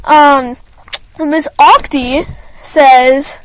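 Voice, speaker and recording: A woman's voice: high-pitched, slow, fairly bright tone, clear, resonant tone, low-quality recording. A teenage girl ranting to camera about school, rambling with lots of fillers and restarts and stopping to apologize. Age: teens. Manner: apologetic asides. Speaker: student venting to camera. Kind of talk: casual rant.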